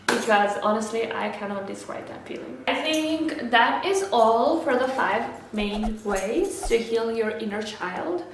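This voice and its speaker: A woman's voice: on the high side, a bit bright. A young woman vlogging casually to camera, chatty and earnest, often restarting her sentences. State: a little out of breath. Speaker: lifestyle vlogger. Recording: very echoey room, faint background noise.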